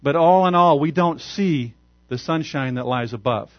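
A man pastor preaching a sermon, telling a story in an animated way and chuckling often. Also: fairly high pitch, normal speed, no room sound, muffled recording.

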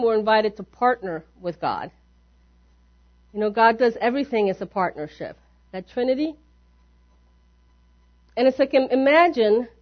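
A woman pastor preaching a sermon in a church, talking to the congregation in an easy, conversational way and often asking them questions. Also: fairly high pitch. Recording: dull lo-fi sermon recording.

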